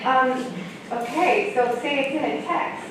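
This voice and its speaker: A woman's voice: high voice, takes it slowly, background noise. Woman, audience question, hesitant, far away in an echoey room. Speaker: audience member asking a question.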